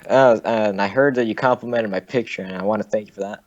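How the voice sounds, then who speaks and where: A man's voice: on the low side, quick pace. A young man calling in to a live show. He talks casually and hesitantly, with lots of fillers and casual swearing. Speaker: caller. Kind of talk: casual phone-in chat. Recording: dull, lo-fi call audio.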